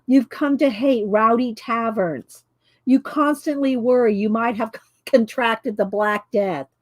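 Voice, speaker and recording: Speaking slowly in a slightly high voice with no room sound, this channel host reads cards aloud during a casual livestream chat. She trips over names as she goes.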